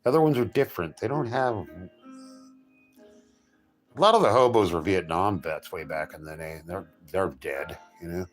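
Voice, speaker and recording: A man's voice: low-pitched, moderate pace, soft background music. A middle-aged man chatting casually with viewers as a streamer, telling jokey stories with frequent restarts and self-corrections. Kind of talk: casual rambling chat.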